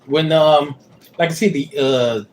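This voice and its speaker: A man's voice: fairly high pitch, a little slow, darkish tone, slight background noise. A man chatting casually with his wife on a livestream, rambling and searching for words with many fillers. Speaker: co-host, husband.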